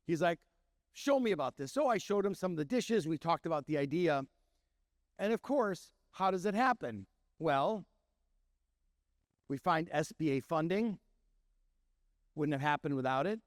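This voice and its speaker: Middle-aged chef, lively storyteller who acts out quotes; high-pitched voice, dry recording. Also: male voice, measured pace, long pauses, dry recording. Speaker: chef and restaurant owner. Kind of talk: storytelling talk.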